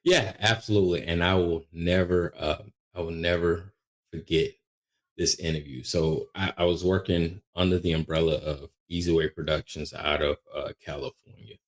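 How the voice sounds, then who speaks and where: A middle-aged man with a very deep, low voice is a guest on an interview podcast, telling stories at a moderate pace. He's animated and lively and often restarts his sentences. His casual talk sounds like a veteran producer's.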